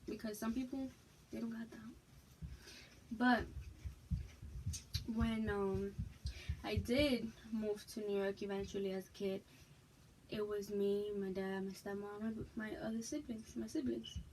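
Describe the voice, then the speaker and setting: A woman's voice: medium pitch, steady tone, a little slow, pauses often, a little mellow, a little hiss or hum, poor audio. A young woman from Massachusetts, frank and emphatic, telling her personal story to her viewers in a casual vlog. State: pregnant, expecting a child. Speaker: vlogger.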